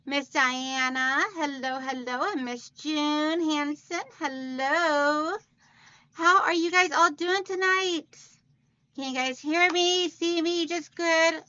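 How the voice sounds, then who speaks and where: A high, bright-voiced woman hosts a casual livestream from home, greeting viewers by name and calling them hon. Her voice is recorded dry and close, a little dull in the top end. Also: fairly even intonation, takes it slowly, no room sound. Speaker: quilting livestream host.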